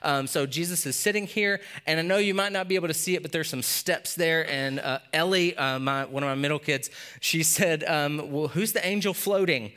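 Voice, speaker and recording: A pastor in his thirties giving a casual sermon to a congregation, often checking in with "all right?" and "okay?", and dropping softer for serious points. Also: on the high side, normal speed, smooth.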